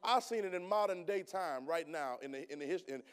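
A man preaching a sermon in a church, talking casually to the congregation and firing rhetorical questions, then rising into loud, emphatic bursts. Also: a little high, expressive, a little fast, clear, resonant tone.

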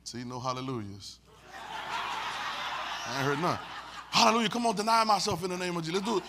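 A man preaching a sermon with folksy, laughing asides, leading call-and-response and swinging from quiet talk to shouts. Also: on the high side, brisk, heavy background noise. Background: congregation responding.

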